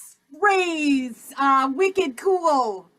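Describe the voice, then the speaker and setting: High animated lady doing improv, playful, laughs a lot, talks slow. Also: background noise. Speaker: improv performer. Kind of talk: improv comedy.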